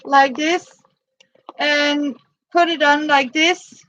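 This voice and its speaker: Slow, halting high-voiced woman. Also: steady tone, a bit bright, muffled recording. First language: Danish. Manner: halting, searching for words, many fillers. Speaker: crafter showing handmade boots. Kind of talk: casual show-and-tell.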